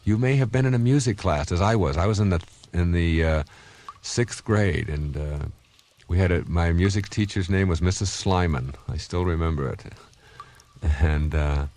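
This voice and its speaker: A man's voice: sits low, moderate pace, darkish tone. A man in his fifties giving a recorded self-help talk in an earnest, conversational, anecdotal way. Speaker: self-help author and speaker.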